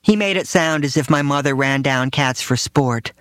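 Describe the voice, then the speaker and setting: A man's voice: mid-range voice, steady tone, normal speed, a bit bright, no echo. Man reading a memoir, dry and matter-of-fact. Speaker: narrator reading his own memoir. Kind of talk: first-person memoir reading.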